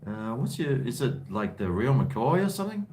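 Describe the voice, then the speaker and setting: A man's voice: medium pitch, very animated, moderate pace, a little mellow. An Australian man hosting a live stream from home, chatting in a rambling way and reading viewer comments aloud. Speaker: livestream host. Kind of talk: casual live-stream chat.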